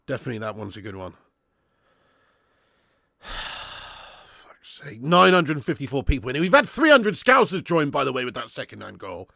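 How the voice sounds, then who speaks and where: Gravelly, sweary fan host. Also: male voice, mid-range voice, moderate pace, long pauses, no room sound. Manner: sweary, bantering, excitable. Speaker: host of a football fan watch-along. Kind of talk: live match commentary and chat.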